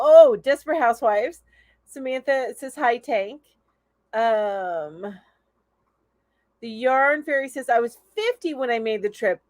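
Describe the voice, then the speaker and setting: A woman's voice: on the high side, dry recording. A woman hosting a casual live stream, chatty and enthusiastic, reading out viewer comments and laughing often. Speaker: host of a live crochet chat show.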